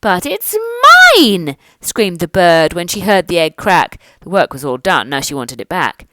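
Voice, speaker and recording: Woman storyteller, lively and sing-song, dry close mic. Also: sits low, normal speed, no room sound, low-quality recording. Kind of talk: reading a children's picture book aloud.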